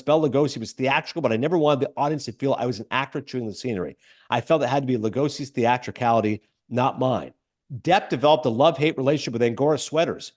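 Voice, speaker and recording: A man hosts a film podcast in an easygoing, enthusiastic way, mixing read-out trivia with his own quick remarks. His voice sits at an ordinary middle pitch for a man. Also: a little mellow. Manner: enthusiastic, reads trivia aloud with asides. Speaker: podcast host. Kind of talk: casual film podcast chat.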